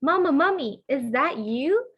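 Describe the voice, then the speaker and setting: A woman's voice: high-pitched, lively intonation, a little slow, lo-fi sound, pitched above the performer's own voice. A woman voicing a little boy mummy in a storybook, calling out and insisting. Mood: calling, insistent.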